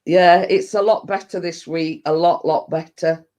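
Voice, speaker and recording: A woman's voice: on the low side, fairly even intonation, measured pace, darkish tone. A woman hosting a casual live stream chat, telling rambling stories and laughing easily.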